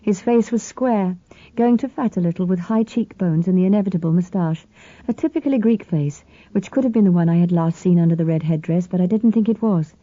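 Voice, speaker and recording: A woman reads a novel aloud in the first person, her voice low and deeply mellow. Her delivery is even and measured. The recording is dry and slightly dull, with a lo-fi edge. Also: dry recording. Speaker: audiobook narrator. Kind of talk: scripted first-person narration.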